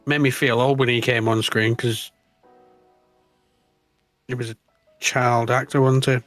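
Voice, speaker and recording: A man trades casual banter, rambling through jokey asides at a middling pitch. His voice sounds dry and close. Faint music plays underneath. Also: little pitch movement, measured pace, fairly bright tone, no room sound. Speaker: co-host.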